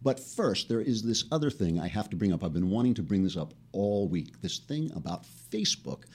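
Sarcastic man with a lively voice. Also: on the low side, fairly quick, husky. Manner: sarcastic, mocking. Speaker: podcast host. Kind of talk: satirical comic monologue.

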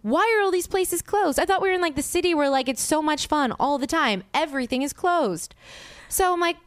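A woman podcast host telling an animated story in casual chat, peppered with "like" and acted-out quotes. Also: sits high, brisk, no room sound, clean studio sound. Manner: animated storyteller, heavy use of "like"; acts out quoted dialogue with exasperation.

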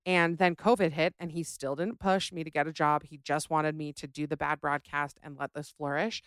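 A woman's voice: sits low, brisk, few pauses, smooth, no room sound, clean studio sound. A young adult woman hosting a podcast, chatting casually and ranting with sass about listener stories. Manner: sassy, animated, ranting. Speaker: podcast host.

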